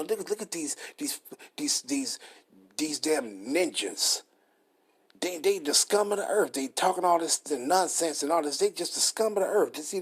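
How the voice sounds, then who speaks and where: Husky-voiced emphatic male preacher. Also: mid-range voice. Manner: emphatic, repetitive, reads definitions aloud. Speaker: street preacher. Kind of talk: scripture study sermon.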